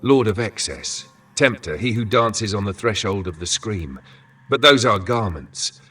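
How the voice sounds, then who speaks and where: A frightened peasant prisoner stammers and pleads, as a man reads him. The voice is bright and forceful, slightly off-mic, with faint music underneath. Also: on the low side, expressive, unhurried, slightly rough, recorded from a distance, heavily acted. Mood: confiding.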